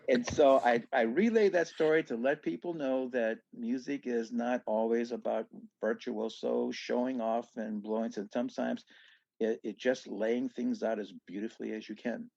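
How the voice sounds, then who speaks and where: A man from southeast Louisiana, a guest on a podcast, telling stories in an animated way with many restarts and asides. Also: medium pitch, unhurried, vocal fry, no room sound, dull audio. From southeast Louisiana, USA. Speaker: guest musician. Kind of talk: storytelling in a casual podcast chat.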